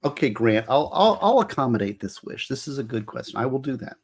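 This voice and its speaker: A husky-voiced middle-aged man talks loosely on a livestream, drifting between memories and law. His pitch sits in an ordinary middle range. He explains cases in a casual, meandering way. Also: very animated, a little fast. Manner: rambling, emotional, explains law. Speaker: livestream host.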